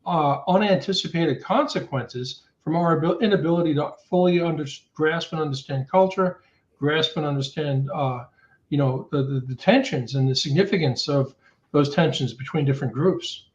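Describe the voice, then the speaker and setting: Male academic guest, analytical, slightly high voice, roomy lo-fi remote sound. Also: normal speed. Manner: analytical, laying out causes step by step. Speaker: guest, intelligence studies professor. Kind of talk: casual chat, explaining. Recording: roomy, dull remote audio.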